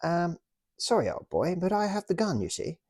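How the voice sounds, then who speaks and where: A man's voice: high voice, very animated, moderate pace, darkish tone, no room sound, studio quality, voice pushed up. A man putting on a posh British officer. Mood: smug, polite. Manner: clipped upper-class politeness. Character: posh male British army officer, polite but firm.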